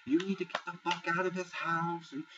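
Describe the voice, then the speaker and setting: A man putting on the voice of a brash, loud young woman from a reality show, taunting and yelling. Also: on the high side, little pitch movement, fairly quick, highs cut off, background noise, pitched above the performer's own voice, natural voice.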